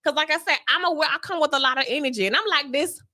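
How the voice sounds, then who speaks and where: A woman co-hosting a podcast in casual chat, loud, profane and animated, laughing often. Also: high-pitched, rapid-fire. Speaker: podcast co-host.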